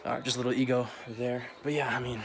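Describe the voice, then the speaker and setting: A man's voice: mid-range voice, level tone, fast talker, over music. A young man vlogging a casual, profane rant full of slang, often laughing as he talks.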